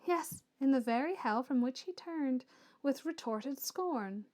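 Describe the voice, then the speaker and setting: A woman reading aloud and voicing a proud, earnest young Swiss woman who speaks softly and with restraint. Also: high-pitched, lively intonation, measured pace.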